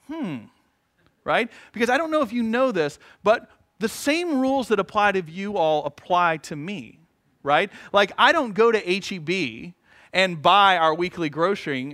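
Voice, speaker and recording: Male pastor, middle-aged, high bright voice, animated storytelling with jokey asides. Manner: storytelling with humorous asides and acted-out quotes. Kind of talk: sermon.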